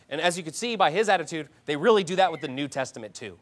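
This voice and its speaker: A man preaching a sermon, combative and mocking, swinging between loud outbursts and low asides. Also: animated, fast. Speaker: pastor.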